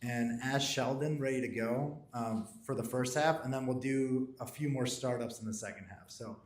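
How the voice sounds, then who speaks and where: A man hosts a live startup event in a relaxed, chatty way, full of "um" and "like". His voice comes from a distance in a reverberant room. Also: medium pitch, moderate pace. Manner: casual, chatty, filler-heavy. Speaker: event host. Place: event room at a pitch night. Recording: roomy audio from a distance.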